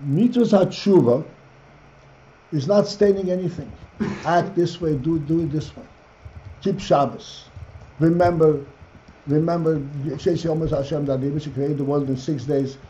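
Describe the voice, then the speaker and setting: A rabbi leads a class, reading old phrases with care before explaining them. His voice sits slightly high with a mellow, dark tone. The recording is dull and lo-fi. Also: a little hiss or hum. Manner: reads Hebrew phrases slowly, then explains in English.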